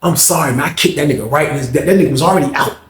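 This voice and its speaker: A man tells a personal story at a quick clip, casual and heavily profane. He acts out the people in it, jumping much higher in pitch for their lines. His voice rings in an echoey room. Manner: animated, profane, acts out quoted voices with big jumps up in pitch. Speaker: storyteller vlogger.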